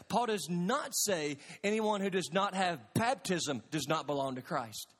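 A pastor preaches a sermon from the pulpit of a large sanctuary, his high, ringing voice a bit bright. He's earnest and emphatic, pressing the congregation with questions, and his words echo with a long reverb.

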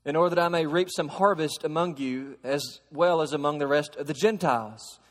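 A man preaching a sermon, moving between hushed storytelling and raised, emphatic preaching. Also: on the high side, a little fast. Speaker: pastor. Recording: long hall reverb.

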